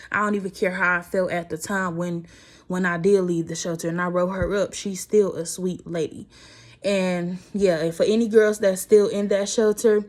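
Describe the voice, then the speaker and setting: A woman's voice: mid-range voice, a little mellow. A young woman telling a personal story to her viewers in a casual vlog, emotional and fighting back tears as she talks.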